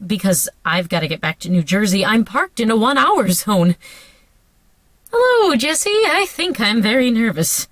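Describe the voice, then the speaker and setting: A woman rehearsing the part of a nervous married woman who talks in a rushed, breathless way, in the front seat of a car. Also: medium pitch, big pitch swings, a bit bright, no echo. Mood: flustered. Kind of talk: solo line rehearsal.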